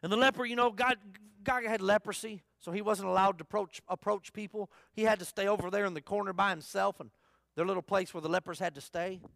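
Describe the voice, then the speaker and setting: A man with a notably high voice preaches to a full church in a casual, conversational way. He asks the congregation questions and circles back to repeat his key phrases. The sound is dry and close, with little room echo. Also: fairly even intonation, quick pace, gravelly, a bit bright. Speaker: pastor. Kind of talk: sermon. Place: church service.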